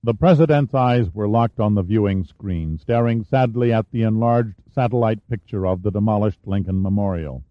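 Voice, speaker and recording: A man narrates a thriller audiobook at a steady pace. His voice is low and close. The recording is dry and a little dull. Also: moderate pace, few pauses, dry recording.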